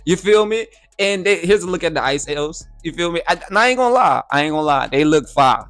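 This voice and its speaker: A man talks through an anime episode in a loose, slang-heavy reaction style and keeps checking in with his listeners. His voice sits a little high and swings widely in pitch. Soft music plays faintly underneath. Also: brisk. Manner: slangy, animated, repeats "you feel me". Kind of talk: casual anime reaction and review.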